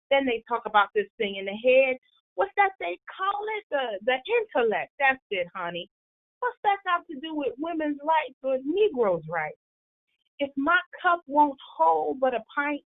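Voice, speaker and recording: Woman reciting as a proud old orator, Southern dialect, preacherly rhythm, high voice, thin phone-line sound. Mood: defiant. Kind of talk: dramatic recitation of a historic speech.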